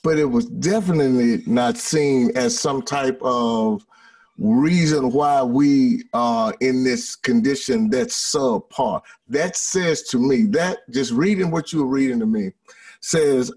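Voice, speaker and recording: A man's voice: mid-range voice, a little mellow, slightly rough, recorded from a distance. A man co-hosting a casual conversation over a video call, starting his sentences with stammering repeats and then pressing his point firmly. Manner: halting, stammering starts, emphatic. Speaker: podcast co-host.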